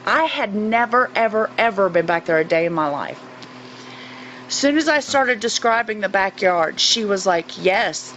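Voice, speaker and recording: A woman in her forties from North Carolina, a guest recounting a personal experience in an earnest, halting way with many fillers. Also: a little high, a bit bright. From North Carolina, USA. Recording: muffled recording with faint hiss.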